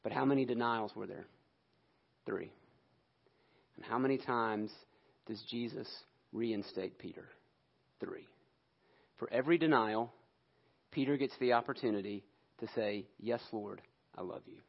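A male preacher telling a scripture story in an animated sermon, acting out the quotes. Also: medium pitch, measured pace, creaky, long pauses, dull audio.

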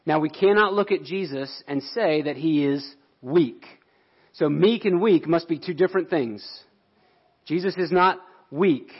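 A man's voice: fairly high pitch, unhurried, husky, dull audio. A man pastor delivering a sermon in an earnest, explanatory way.

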